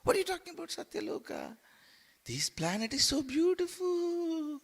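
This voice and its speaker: A man voicing Maya as a seductive female temptress spirit who coaxes slowly and in a hush, then scolds shrilly. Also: wildly swooping pitch, gravelly, full character voice. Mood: shrill scolding. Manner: coaxing, slow and hushed, turning shrill and scornful.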